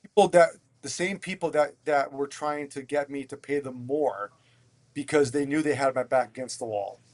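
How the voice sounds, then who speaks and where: A man from Pennsylvania, a restaurant owner and podcast guest, telling his story in a candid, animated way, swearing freely and often stumbling over and repeating words. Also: mid-range voice, moderate pace.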